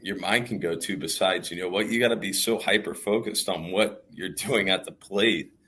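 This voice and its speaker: A man's voice: low-pitched, normal speed, pushed and bright, slightly rough. A man who plays professional baseball, telling candid stories in an interview in a thoughtful, rambling way. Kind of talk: reflective storytelling in interview.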